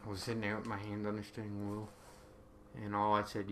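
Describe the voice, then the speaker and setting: A man's voice: lowish voice, monotone, fairly quick, creaky, background noise. A man casually telling a personal story to camera, rambling with lots of ums and uhs.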